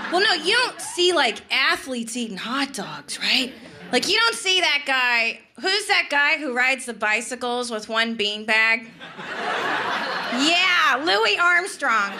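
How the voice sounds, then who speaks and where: A woman's voice: high voice, very animated, a little slow. Sarcastic woman stand-up in her thirties. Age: 30s. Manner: chatty, sarcastic, full of "like" and "right?". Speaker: stand-up comedian. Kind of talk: stand-up comedy set. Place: comedy club stage. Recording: live club with audience noise.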